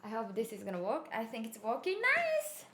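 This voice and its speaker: A woman's voice: a little high, lively intonation, fast. A woman whose first language is Japanese, chatting playfully on a live stream, giggling and slipping in Japanese phrases. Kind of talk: casual live-stream chat. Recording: echoey room with faint ambient noise.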